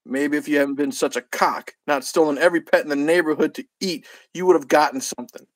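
A harried, foul-mouthed old Santa Claus, as a man reading a story puts him on, bellowing and swearing through a rush. The voice is on the high side and recorded dry and close. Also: steady tone, quick pace, no echo, close to an everyday voice. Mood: irritable. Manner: bellowing, profane.

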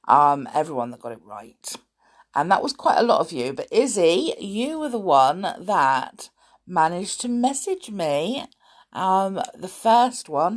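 A woman hosting a storytelling show, croaky from a sore throat, chatting playfully to young listeners. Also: lowish voice. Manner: playful, animated, with gasps and little laughs.

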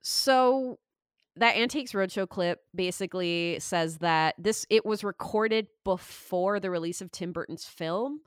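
A woman's voice: medium pitch, measured pace, clean tone, dry recording, clean studio sound. A woman co-hosting a podcast in casual chat, telling stories chattily and laughing often. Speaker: podcast co-host.

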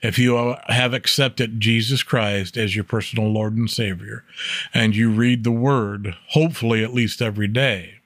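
A man teaching an informal Bible study, reading scripture aloud and explaining it plainly, often checking in with a quick "okay?". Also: lowish voice, fairly even intonation, fairly bright tone, no room sound, studio quality. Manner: plainspoken, repeats "okay?" to check listeners follow; reads scripture aloud with rising emphasis.

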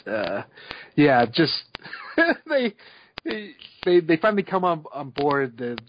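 Slow and sing-song, with a voice a little on the high side, a man co-hosting a podcast laughs and rambles in relaxed talk, peppering it with "like." The recording is dry and slightly dull, with faint hiss or hum.

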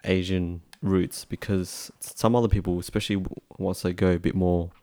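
An Australian man chatting as a podcast co-host, relaxed and halting, with many fillers. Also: low-pitched, no room sound. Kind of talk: casual chat.

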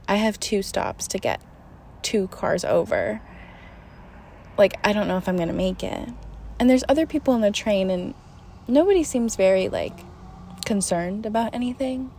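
A young woman recounts a trip in a chatty, animated storytelling voice at a middling pitch. She laughs often and acts out the lines of people she met. Faint noise hums underneath. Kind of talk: casual spoken storytelling.

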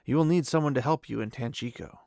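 A man voicing a stern male warrior who keeps losing his cool and raising his voice in loud exasperated bursts. The voice is gravelly and sits close and dry. It is his own voice, read straight from a storybook. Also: mid-range voice, fast talker, dry recording, lightly acted. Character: stern male warrior guardian, usually controlled.

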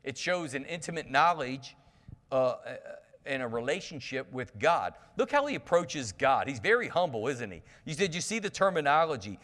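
A man's voice: mid-range voice, very animated, normal speed, a bit bright, big-room sound. A male pastor preaching a sermon, reading scripture aloud and then explaining it in a folksy, conversational way with frequent restarts.

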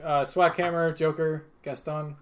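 A man serves as game master for a tabletop game, narrating in a chatty, easygoing way. His voice sits slightly high, and he laughs and fills pauses often. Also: level tone, clean tone. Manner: chatty, laughing, frequent fillers.

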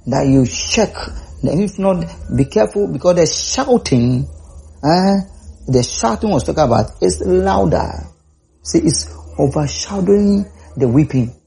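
A man's voice: on the high side, lively intonation, a little slow, creaky, warm tone, husky. A man preaching a sermon, repeating words and rising to emphatic calls.

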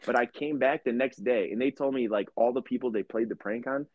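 A man's voice: medium pitch, fairly quick, no echo, phone-quality sound. A young man co-hosting a podcast, telling rambling, profane stories in casual chat. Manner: profane, rambling, animated storyteller. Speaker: podcast co-host.

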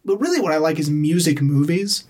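A podcast co-host chatting casually about movies, joking and quick in her banter. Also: low voice. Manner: animated, quick jokey banter with voices for quoted people.

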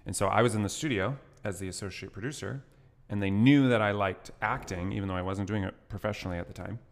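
Gravelly young man in an echoey gym. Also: lowish voice, fast talker. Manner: joking, playful banter. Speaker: podcast co-host. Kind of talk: casual chat. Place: back of a gym.

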